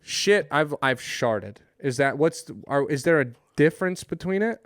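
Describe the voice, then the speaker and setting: A man's voice: a little high, normal speed, no room sound, studio quality. A young man, a touring comedian, chatting casually on a podcast and telling stories with acted-out voices. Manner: animated storytelling, acts out quoted voices.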